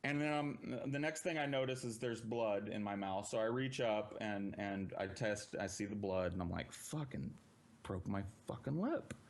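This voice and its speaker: A man telling a long personal story on a podcast in a casual, profane and animated way. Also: on the low side, normal speed, hardly any pauses.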